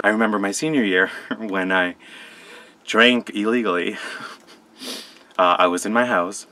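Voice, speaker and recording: A young man from Colombia telling a personal story to camera, soft-spoken and hesitant, often restarting his sentences. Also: sits low. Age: young adult. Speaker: vlogger. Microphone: camera mic.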